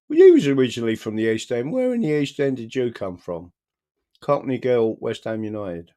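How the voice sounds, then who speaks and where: A man hosting a live stream and reading out viewer comments. His voice has a gravelly edge, and he talks bluntly, rambling with frequent restarts. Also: medium pitch, big pitch swings, normal speed, a little mellow. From London, England. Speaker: livestream host.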